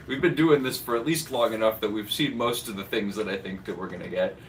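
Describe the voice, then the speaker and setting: A man's voice: on the low side, fairly quick. A young man co-hosting a live stream, chatting casually and jokingly, reading chat, with rambling restarts. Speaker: streamer co-host. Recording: slightly distant mic with faint noise.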